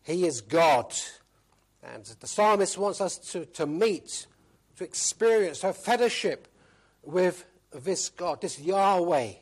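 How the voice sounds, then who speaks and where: A man preaching a sermon in a fairly high voice. He is emphatic, comes back to key phrases again and again, and asks the listeners rhetorical questions. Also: lively intonation, slow pace, slightly rough.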